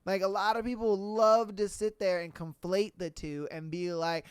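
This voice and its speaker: A man's voice: sits high, normal speed, hardly any pauses, clean tone, no echo, clean studio sound. A man hosting a podcast alone, ranting bluntly in casual slang with plenty of swearing. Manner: blunt, profane, animated, with slang. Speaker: podcast host. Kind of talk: casual solo rant.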